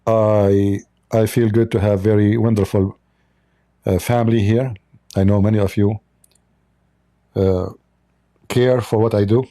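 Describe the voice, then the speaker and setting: Speaking non-native English on a livestream, a man offers sarcastic, mocking polemic commentary. His fairly low, dark voice barely moves in pitch, and he talks unhurriedly with long pauses.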